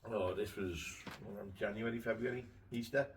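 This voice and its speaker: A man's voice: lowish voice, moderate pace. A man chatting casually and telling stories about his boat, swearing now and then. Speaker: boat owner and show regular. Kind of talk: casual chat. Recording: distant mic with faint noise.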